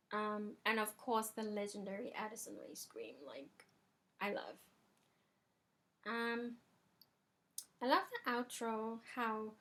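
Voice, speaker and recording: Young woman vlogger, relaxed chatty review from her bedroom, slightly high voice, slow delivery. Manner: chatty, lots of filler ums. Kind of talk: casual music review vlog. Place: bedroom at home.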